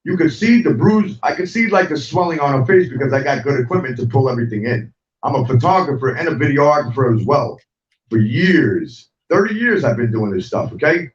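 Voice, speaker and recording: A man's voice: medium pitch, animated, brisk, highs cut off. Angry ranting man, distant roomy mic. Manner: angry, profane, repetitive, talks straight at viewers. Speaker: host of an online talk show. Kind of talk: heated livestream rant.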